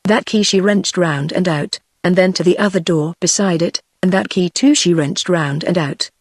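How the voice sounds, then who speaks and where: A text-to-speech voice of a woman with a British accent, narrating an audiobook in an even, measured way. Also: lowish voice, breathy edge, dry recording, clean studio sound. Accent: British English. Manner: even, measured synthetic delivery.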